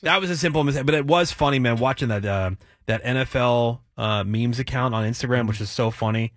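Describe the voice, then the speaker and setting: A man's voice: mid-range voice, fairly quick, no echo, studio quality. A man hosting a talk show, chatting casually and laughing along, with a laid-back way of talking. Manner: laid-back, laughing, says dude a lot. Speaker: radio show host. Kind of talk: casual banter.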